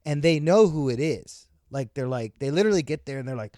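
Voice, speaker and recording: A man's voice: fairly high pitch, expressive, brisk, dark tone, no room sound. Rambling storyteller man, dry close mic. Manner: rambling, many restarts. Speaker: podcast guest, comedian. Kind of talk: casual storytelling.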